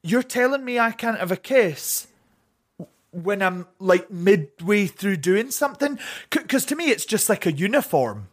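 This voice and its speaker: A young man speaking as a guest in a candid interview, chatty and animated, who often stumbles over repeated words and acts out what other people said in mimicking voices. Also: high-pitched, measured pace. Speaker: interview guest, drag performer.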